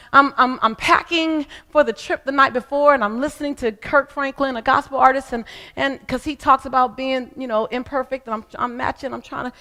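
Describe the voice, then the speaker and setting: A woman's voice: fairly high pitch, a bit bright. A middle-aged woman giving a motivational speech on stage, with an emphatic, repetitive preaching cadence. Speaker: motivational speaker. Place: stage before a live audience. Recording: long hall reverb.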